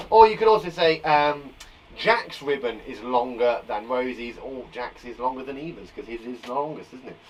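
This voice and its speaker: A man's voice: a little high, unhurried, fairly bright tone, far from the mic, slight background noise, poor audio. A man teaching a live online lesson to young children, upbeat and playful, from a small garden shed. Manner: upbeat, playful, exaggerated sound effects. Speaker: primary school teacher.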